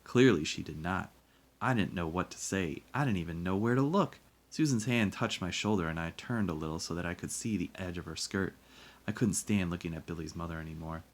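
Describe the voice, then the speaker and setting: A man reading a children's novel aloud, narrating in first person with steady expression. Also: deep voice, fairly quick. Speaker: reader.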